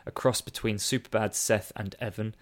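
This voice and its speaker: A man's voice: fairly low pitch, steady tone, normal speed. A man, co-hosting a casual film review podcast, reading reviews aloud with mock emphasis and laughing often. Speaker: podcast co-host.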